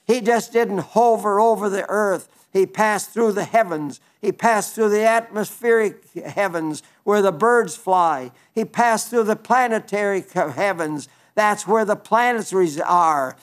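Older guy preaching, kinda high voice, folksy and earnest, keeps restarting words. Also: a little slow, few pauses. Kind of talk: sermon.

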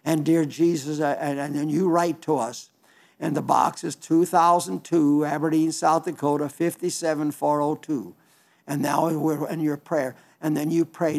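A man's voice: a little high, steady tone, normal speed, vocal fry, a little mellow. An older man preaching a folksy, earnest sermon in a conversational way, rising to sudden emphasis at times. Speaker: radio preacher.

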